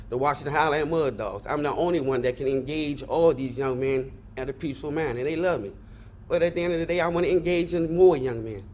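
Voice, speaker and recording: Middle-aged man, mid-pitched, earnest and frustrated, faint noise behind. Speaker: community member giving public comment. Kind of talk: public hearing testimony.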